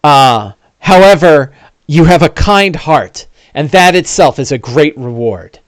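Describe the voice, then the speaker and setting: A man doing a soft-hearted adventuring companion who moralizes in slow, earnest tones. The voice is close and dry, with a lively pitch. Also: no echo. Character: kind, philosophical male companion, gently wise.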